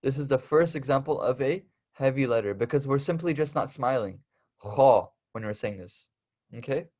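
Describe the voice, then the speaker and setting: A man's voice: medium pitch, expressive, fairly quick, darkish tone, lo-fi sound. Young male teacher, casual lesson delivery, drills each sound patiently. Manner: patient, repeats and stresses each letter sound. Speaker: Arabic alphabet teacher.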